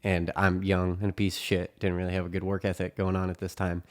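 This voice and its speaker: Lower-voiced man, casual rambling storyteller, swears freely. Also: monotone, fast talker. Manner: profane, rambling, full of fillers.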